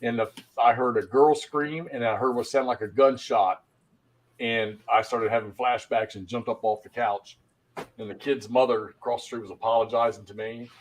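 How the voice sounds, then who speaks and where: A man's voice: mid-range voice, fairly even intonation, moderate pace, rough recording. Worn-out man on a group call. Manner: tired, blunt storyteller. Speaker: departing guest. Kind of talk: casual chat.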